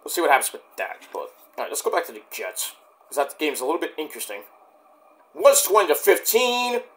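A man's voice: on the high side, very animated, fairly quick, fairly bright tone. A man giving a rambling, profane, casual review of a wrestling event.

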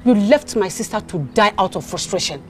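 A woman's voice: mid-range voice, animated, a little fast, darkish tone, lightly acted. An actress with a Nigerian accent playing a bitter woman who accuses her sister's husband in a scornful way. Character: bitter, sharp-tongued woman scolding a runaway husband. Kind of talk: Nollywood film acting.

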